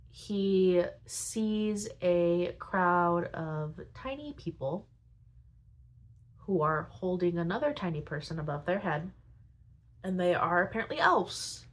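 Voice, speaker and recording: Low-voiced woman chatting through book plots. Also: low-quality recording. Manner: chatty, retells plots with filler "like" and quick asides. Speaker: podcast host. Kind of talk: casual book summary.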